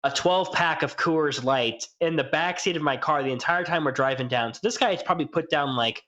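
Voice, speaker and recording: High-voiced young man telling stories. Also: dull audio. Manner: animated, profane, quick bursts of laughter. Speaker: podcast co-host. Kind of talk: casual storytelling chat.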